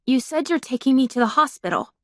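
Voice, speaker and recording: A woman voicing a shaken young woman with a high, petulant way of talking. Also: expressive, fast talker, no echo, clean studio sound.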